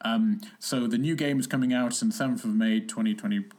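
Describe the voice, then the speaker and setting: A man's voice: mid-range voice, brisk, a little mellow. Rambling young man podcasting. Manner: rambling, laughs often, many fillers. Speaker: podcast co-host. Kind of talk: casual chat.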